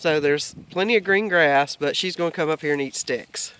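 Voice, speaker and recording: A relaxed man walks the pasture and explains the grazing plan, his voice slightly high for a man. He speaks casually, as if filming for friends outdoors. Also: normal speed, clear, resonant tone, no echo. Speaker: homesteader filming the farm. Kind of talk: casual farm vlog narration.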